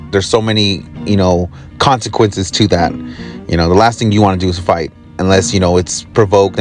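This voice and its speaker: A man hosting his own podcast, telling a work story in a casual, rambling way with lots of swearing and fillers. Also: low voice. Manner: rambling, profane, with many fillers. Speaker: podcast host. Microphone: recording on the job, from a motel.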